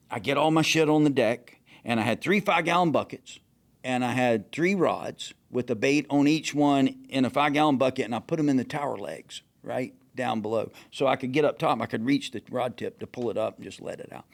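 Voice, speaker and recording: Animated fishing captain. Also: male voice, medium pitch, moderate pace. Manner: animated, profane, acts out quotes loudly. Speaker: fishing captain, podcast guest. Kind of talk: casual storytelling.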